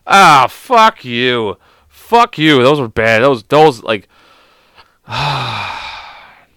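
A man's voice: on the low side, a bit bright, smooth, no room sound, clean studio sound. A man reading bad jokes aloud to his viewers, swearing a lot, laughing at the jokes and mocking himself. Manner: self-deprecating, exasperated. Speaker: video host.

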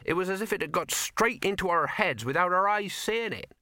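A man's voice: sits high, animated, fairly quick, pushed and bright, dry recording, clean studio sound, pitched above the performer's own voice. A man voicing a chatty older male craftsman who explains things in a folksy way. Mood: explaining.

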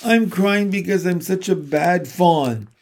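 Remorseful sobbing faun as a man reads him, storybook, gravelly, slow. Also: on the high side, animated. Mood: sorrowful. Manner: sobbing, sorrowful. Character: weeping remorseful male faun.

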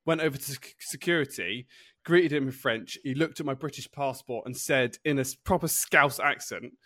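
A man's voice: medium pitch, moderate pace, sharp tone, dry recording. A young man from the UK co-hosting a podcast in casual chat, rambling with lots of fillers and restarts. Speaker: podcast co-host.

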